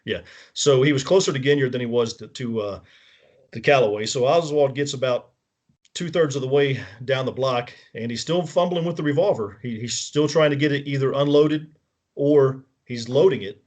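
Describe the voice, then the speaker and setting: A man's voice: medium pitch, normal speed, darkish tone. A man speaking as a guest on a talk show, walking through events in order and checking in with the listener as he goes. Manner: detailed step-by-step recounting, checks in with the listener; frequent restarts and self-corrections. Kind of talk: casual spoken walkthrough of events.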